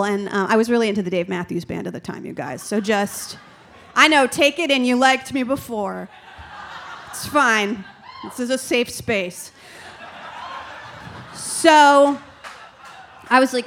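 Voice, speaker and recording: A woman's voice: on the high side, a little slow, a bit bright, slight background noise. A young adult woman doing stand-up comedy, telling a candid, rambling and self-deprecating story.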